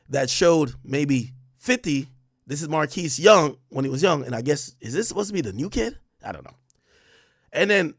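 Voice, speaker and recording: A man hosts a heated livestream, his raspy, fraying voice swinging between loud trash talk and a hushed near-whisper. His pitch sits a little high and leaps around a lot. The sound is dry and close to the mic. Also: no echo. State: losing his voice. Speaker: livestream host. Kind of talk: ranting livestream commentary.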